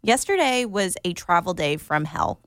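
Tired giggly woman cohost telling a story, animated, dry close sound. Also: lowish voice, normal speed, dry recording. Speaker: podcast co-host. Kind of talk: casual chat.

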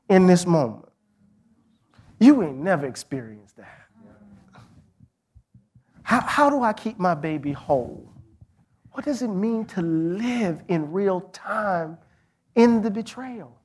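Onstage as a guest in a live conversation, a middle-aged professor recounts a story impassionedly, repeatedly restarting his sentences. He speaks unhurriedly, pausing often, in an animated, slightly rough voice that sits high.

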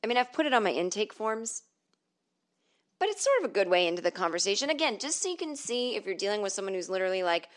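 A woman's voice: medium pitch, sing-song, quick pace. A middle-aged woman from the northern United States hosting a podcast from home, telling stories in a sarcastic, profane comedic monologue. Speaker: podcast host.

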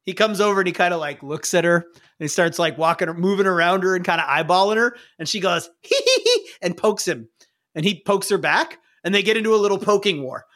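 A man's voice: high voice, quick pace, a bit bright. A man narrating a tabletop game as game master in a loose, rambling way.

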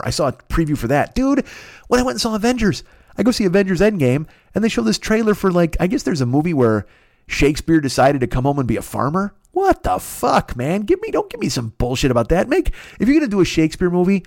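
A man's voice: fairly high pitch, big pitch swings, fast talker, creaky, dry recording, studio quality. A man hosting his podcast from his apartment, rambling through a profane comedic monologue full of mocking voices. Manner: rambling, swears constantly, jumps into mocking character voices. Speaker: podcast host.

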